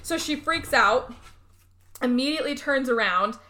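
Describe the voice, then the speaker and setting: A woman co-hosting a podcast, recapping a movie in casual chat, animated and laughing often as she acts out the characters' lines. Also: high-pitched, normal speed. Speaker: podcast co-host.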